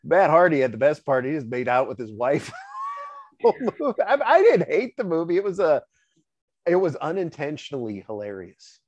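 A man's voice: on the high side, big pitch swings, normal speed, dry recording. Chatty male podcast host, lo-fi sound. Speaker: podcast host, wrestling fan. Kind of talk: casual podcast chat. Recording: dull dry lo-fi sound.

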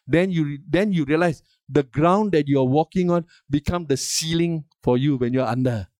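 An older male pastor preaches with emphatic rises and calls for response from the congregation. His voice sits a little high for a man. The sound is close and dry, with no room around it. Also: moderate pace, darkish tone, no room sound. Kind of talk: sermon.

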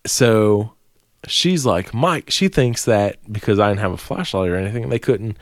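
A man's voice: lowish voice, animated, normal speed, no room sound. A man co-hosting a podcast, telling a long profane story in casual chat from a small dry room. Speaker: podcast co-host.

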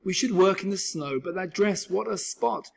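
A fretful, bossy little girl from a storybook who warns and scolds. Her voice is lifted high with a husky grain, a man reading aloud putting her on. She sounds anxious and insistent. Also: normal speed, exaggerated voice. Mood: worried.

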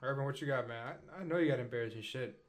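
A man's voice: mid-range voice, very fast. Teasing, profane podcast man. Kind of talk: casual podcast banter.

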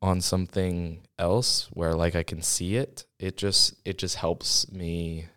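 A young man with a very low voice talks casually into a studio microphone, rambling and restarting his sentences. He keeps running short of breath between quick bursts of talk. The sound is dry and close, with no room echo. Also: flat delivery, fairly bright tone, smooth. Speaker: podcast host. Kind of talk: casual solo podcast chat. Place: small school podcast studio.

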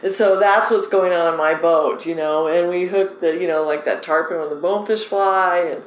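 Excitable woman fishing guide, echoey room. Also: lowish voice, normal speed. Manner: excitable, animated storyteller. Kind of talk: casual interview conversation.

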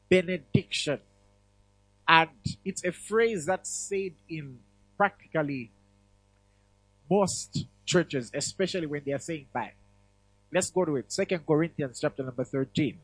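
A male pastor preaching a sermon, repeating key phrases for emphasis and reading scripture aloud slowly. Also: fairly high pitch, rough recording.

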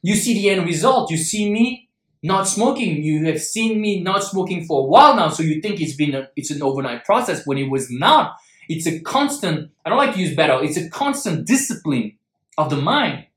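A man's voice: on the high side, lively intonation, normal speed, fairly bright tone. Earnest man coaching in an echoey room. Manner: earnest, repeats key words for emphasis. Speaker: self-help speaker. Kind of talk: motivational talk to viewers.

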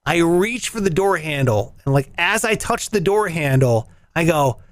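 A man hosting a show, telling a story in casual, profane, animated chat and acting out the voices in it. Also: fairly high pitch, moderate pace. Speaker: radio show host. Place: in Las Vegas.

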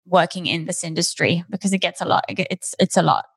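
A woman's voice: lowish voice, fairly even intonation, quick pace, creaky, breathy edge, dry recording. A woman hosting a casual interview, chatty and candid, laughing easily and swearing now and then. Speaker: host.

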